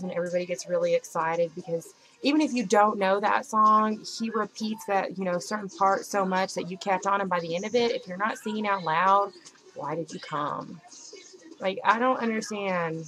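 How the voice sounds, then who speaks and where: A woman's voice: fairly low pitch, fairly bright tone, poor audio. A young woman chatting about a concert she went to, gushing and rambling with lots of "like" and acted-out quotes. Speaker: vlogger. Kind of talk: casual chat.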